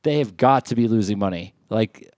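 A podcast co-host in casual chat, agreeing loudly and cursing freely. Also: mid-range voice, normal speed, dry recording, clean studio sound. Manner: profane, joking agreement.

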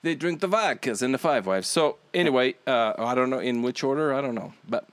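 Male podcast host, casual and rambling, animated delivery, dry recording. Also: medium pitch, brisk, clear, resonant tone, no room sound. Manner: laid-back, rambling, swears casually.

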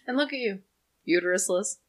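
A woman co-hosting a casual chat podcast, teasing her friend with short quick reactions. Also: mid-range voice, expressive. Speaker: podcast co-host.

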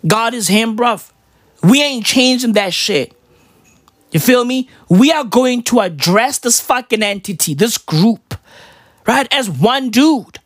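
A woman delivering a profane comedic rant, firing off rapid rhetorical questions and swinging between low mutters and high squeals. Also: dry recording, studio quality.

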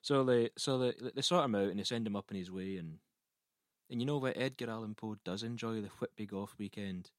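A man's voice: lowish voice, fairly quick, no echo, clean studio sound. A man telling a rambling comic story, stumbling and restarting as he goes. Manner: rambling, self-interrupting with repeated restarts.

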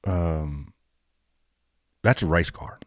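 A man's voice: deep voice, drawn-out words, dry recording, studio quality. A man, hosting a casual chat in a blunt, joking, folksy way. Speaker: podcast host. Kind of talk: casual chat about off-road racing.

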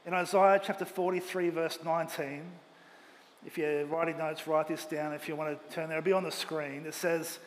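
A pastor preaching a Sunday sermon with earnest, emphatic delivery, speaking in a church auditorium. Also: male voice, on the high side, flat delivery, normal speed. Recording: long hall reverb, faint ambient noise.

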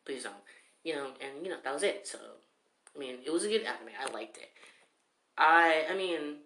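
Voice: medium pitch, normal speed, sharp tone. A fan casually retelling an anime episode in a rambling way, full of fillers like "you know" and "like". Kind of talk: casual spoken recap. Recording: roomy echo.

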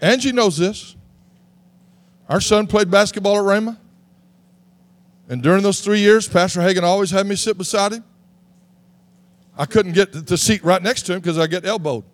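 A man from Texas, preaching a sermon in an animated way that rises to shouts. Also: high-pitched, normal speed, pauses often. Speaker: pastor.

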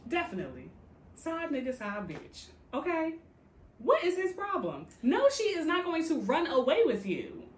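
This woman co-hosts a podcast, and her high-pitched voice carries at a moderate pace through an echoey room with slight background noise. Recapping a TV show in loose, slangy talk, she tells the story with lots of laughter, swearing, and acted-out quotes from the characters.

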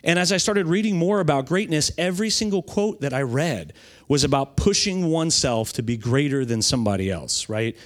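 A middle-aged man preaching a sermon in a casual, talky way, his voice sitting a little high for a man. He keeps checking in with the listeners by asking "right?" after his points. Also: expressive, fairly quick. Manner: conversational, keeps adding "right?". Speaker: pastor.

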